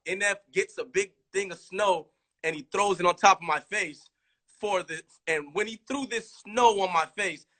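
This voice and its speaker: Man from california, bright and slightly high voice, rambling livestream chat, lots of restarts. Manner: rambling, restarts a lot, animated storytelling with quoted lines. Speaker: rapper talking on a livestream.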